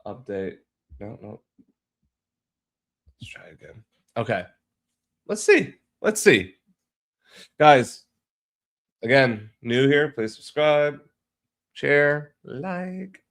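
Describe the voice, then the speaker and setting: This man talks very slowly with frequent pauses, his medium-pitched voice carrying lively intonation. He's a video editor on a live stream, muttering and casually cursing as he works, a little congested and under the weather from pollen.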